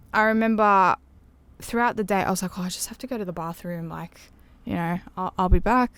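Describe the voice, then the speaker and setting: A woman's voice: medium pitch, clear, resonant tone. A woman, a podcast guest chatting casually and telling a story, acting out what others said. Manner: animated, acts out quotes of others. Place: caravan music studio.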